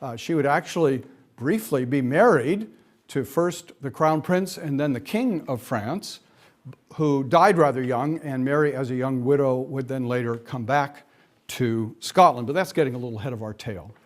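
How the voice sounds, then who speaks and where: A man's voice: medium pitch, moderate pace. A middle-aged man giving a classroom lecture, speaking with frequent fillers and dry asides.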